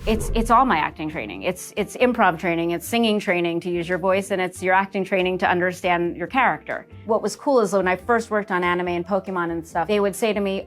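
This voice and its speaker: A middle-aged woman from New Jersey, a voice actress chatting casually in an interview, lively and quick to laugh. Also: lowish voice, soft background music. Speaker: voice actress guest.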